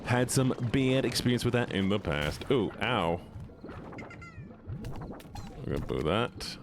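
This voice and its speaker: A man's voice: on the low side, lively intonation, moderate pace, pauses often, over music. A man streaming a game, chatting playfully with viewers and laughing often. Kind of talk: casual live-stream chat while gaming.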